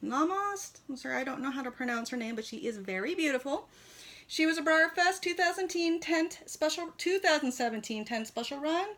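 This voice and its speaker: A woman with a slightly high voice reviews a collectible from her home kitchen. She talks in a casual, chatty way and gushes about what she holds. Her speech is full of fillers. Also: lively intonation, fairly quick, a bit bright. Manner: chatty, gushing, many fillers. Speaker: toy shop owner reviewing a model horse.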